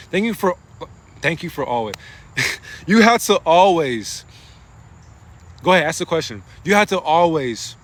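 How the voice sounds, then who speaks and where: A man's voice: on the high side, fairly bright tone. A man delivering a rambling, profane spiritual monologue into his phone, preaching in a casual way. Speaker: spiritual vlogger.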